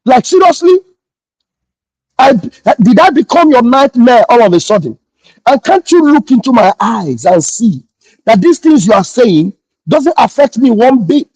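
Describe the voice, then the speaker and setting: A man's voice: extremely high pitch, big pitch swings, moderate pace, a little mellow, slightly rough, no room sound, poor audio. A man, a pastor hosting a morning livestream, scolding his critics indignantly and repeating his phrases. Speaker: pastor and online host.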